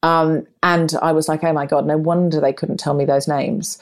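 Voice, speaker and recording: A middle-aged woman tells a personal story in a relaxed, chatty way. Her voice sits a little low, and she jumps much higher in pitch when she acts out what she and others said. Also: normal speed. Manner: animated, acts out her own and others' lines with big rises in pitch. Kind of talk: casual storytelling chat.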